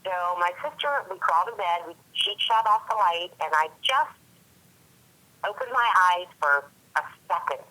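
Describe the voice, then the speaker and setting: A woman interviewee recalls a frightening night from her youth, breaking off and restarting as she goes. Her voice sits fairly low but sounds bright and forward. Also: animated, poor audio. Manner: halting, restarting storytelling. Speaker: interviewee recalling a family story. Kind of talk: personal recollection.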